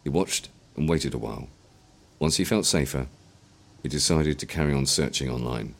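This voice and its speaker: A man narrating an audiobook in an expressive storytelling manner. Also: very deep voice, moderate pace, vocal fry.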